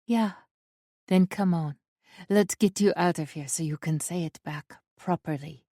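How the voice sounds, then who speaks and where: A woman narrator voicing a defiant young woman who speaks softly and reassuringly to a friend. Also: on the low side, measured pace, no room sound, clean studio sound. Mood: gentle. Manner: soft and reassuring, then frightened and forceful.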